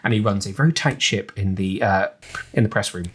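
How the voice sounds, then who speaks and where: Chatty English man, lowish voice. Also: brisk, fairly bright tone, slight background noise. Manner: chatty, rambling with many ums and restarts. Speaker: podcast co-host. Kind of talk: casual chat.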